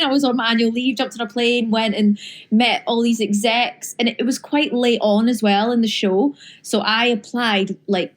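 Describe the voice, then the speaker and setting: A woman in her thirties, a guest on a podcast, chatting in a bubbly way and laughing often. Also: a little high. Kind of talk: casual interview chat.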